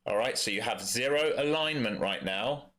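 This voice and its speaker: Medium in pitch, a bit bright, and lively in intonation at a moderate pace, this East London man with a London accent streams his day trading. He gives casual, blunt commentary on his trades and answers chat.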